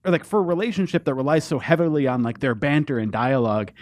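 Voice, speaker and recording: A man's voice: fairly high pitch, quick pace, dry recording, clean studio sound. A man on a podcast panel talking casually and hesitantly, with frequent restarts. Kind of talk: casual chat.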